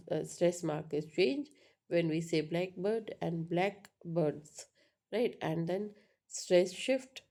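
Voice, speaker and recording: Woman, teacher, unhurried lecture, low mellow tone with some gravel. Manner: explains slowly, repeats words, checks with "right?". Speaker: English teacher. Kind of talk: online lecture.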